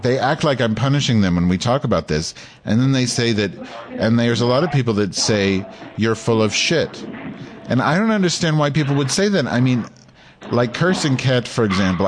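A man's voice: medium pitch, lively intonation, brisk, slight background noise. A man hosting a live podcast, talking in a crude, profane, ranting way to his listeners. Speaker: podcast host. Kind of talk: live call-in podcast chat.

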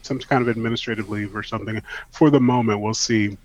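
A man's voice: on the low side, steady tone, quick pace, a little mellow, dry recording, poor audio. A man who works as an actor, appearing as a podcast guest, chatting casually in a rambling way, laughing often and leaning on fillers. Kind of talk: casual chat.

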